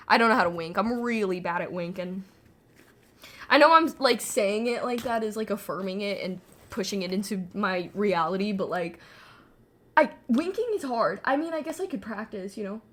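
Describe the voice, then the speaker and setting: A woman's voice: mid-range voice, expressive, moderate pace. Rambling young woman swearing while painting. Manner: rambling, self-mocking, swings into sudden yelling; frequent swearing and filler "like". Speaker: vlogger. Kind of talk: casual chat while painting. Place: alone at home.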